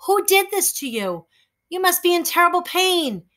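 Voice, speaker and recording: A little storybook boy with a high, squeaky voice, put on by a woman reading aloud. He sounds gentle but urgent, his tone bright and thin. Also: sing-song, normal speed, exaggerated voice. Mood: urgent, soothing. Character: small frightened kind boy.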